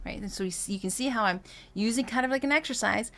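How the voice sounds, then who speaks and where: A woman's voice: on the high side, fast talker, fairly bright tone. A woman vocal coach teaching a singing lesson, explaining technique between short demonstrations, with frequent fillers and restarts. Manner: explains technique, then sings short phrases and vocal drills.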